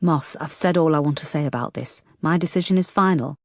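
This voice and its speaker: A woman's voice: deep voice, brisk, dry recording, studio quality. A woman narrator voicing a weary, firm female police chief who speaks in a clipped, decisive way.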